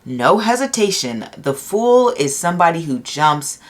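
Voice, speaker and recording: A woman's voice: on the low side, sing-song, a little slow. A woman giving a casual pick-a-card tarot reading in a chatty, upbeat way, with lots of ums, filmed by a camera on a desk at home. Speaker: tarot reader.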